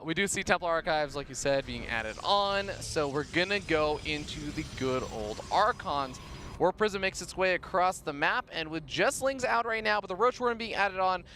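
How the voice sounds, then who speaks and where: Male esports caster, bright voice, fairly high, upbeat, faint noise behind. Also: animated, normal speed. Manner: upbeat, laughs easily. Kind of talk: play-by-play commentary.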